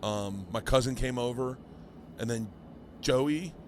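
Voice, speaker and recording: A man's voice: mid-range voice, takes it slowly, a little hiss or hum. Middle-aged man telling a wild story. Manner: animated, swearing, acts out the voices of others. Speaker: comedian guest. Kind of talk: storytelling on a podcast.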